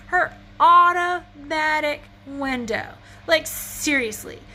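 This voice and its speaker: Her high-pitched voice sounds pushed and bright as she talks into her phone at home for a casual storytelling vlog. The story is rambling and self-mocking; she's chatty, laughs at herself, and wheezes slightly. Faintly behind her, a fan hums.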